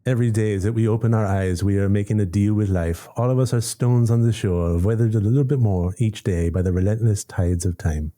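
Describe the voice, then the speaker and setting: Man playing a snooty French-accented cat, female, aloof, musing on life, mellow tone. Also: medium pitch, expressive, normal speed, voice pushed up, close to an everyday voice. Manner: aloof, scornful, grandly musing. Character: haughty philosophical female cat. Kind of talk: reading a story game aloud.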